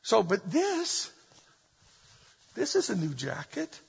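A middle-aged man preaching a sermon, animated and full of humorous storytelling, recorded in a church hall. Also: very high-pitched, unhurried, creaky, long pauses. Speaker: pastor. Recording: dull echoey hall recording.

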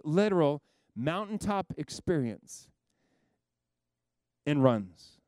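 A man delivers a sermon with lively storytelling, acting out the people in his Bible story. His voice is smooth, clear and a little high, and it is recorded dry and close. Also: dry recording. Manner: animated storytelling, acts out biblical figures with a raised voice. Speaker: preacher.

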